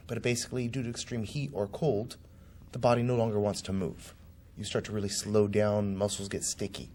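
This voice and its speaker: A man's voice: lowish voice, a little mellow. A man being interviewed as a political candidate, telling a personal story vividly and acting out the voices of the people in it. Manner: vivid, acts out quoted voices.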